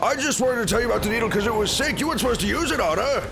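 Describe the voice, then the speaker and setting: Dude doing a squeaky panicky old sage voice, whiny and high. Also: male voice, expressive, very fast, creaky, background noise, full character voice. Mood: flustered. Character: flustered old male sage, defensive.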